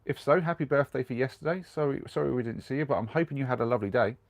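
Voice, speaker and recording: A man's voice: mid-range voice, rapid-fire, vocal fry, no echo. A young man with a cold, chatting casually on a live stream from inside his camper van, rambling along and reading out viewer comments. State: has a cold.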